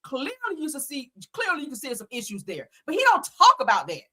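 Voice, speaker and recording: A woman's voice: high voice, huge pitch swings, quick pace, sharp tone. A woman hosting a casual gossip show, talking bluntly and profanely in a fired-up way. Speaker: host.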